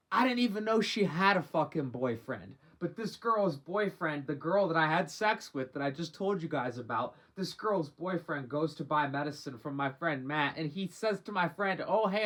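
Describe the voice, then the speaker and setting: Young dude rambling thru a storytime, kinda high voice, lots of slang n cussing. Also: male voice, lively intonation, moderate pace, fairly bright tone. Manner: slangy, rambling, cusses freely. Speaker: vlogger. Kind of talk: casual storytime monologue.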